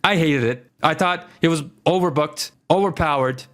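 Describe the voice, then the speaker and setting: A man's voice: a little high, normal speed, fairly bright tone. A man on his own channel giving a casual, exasperated opinion rant about a wrestling show, with lots of fillers and rhetorical questions. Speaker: wrestling commentary YouTuber.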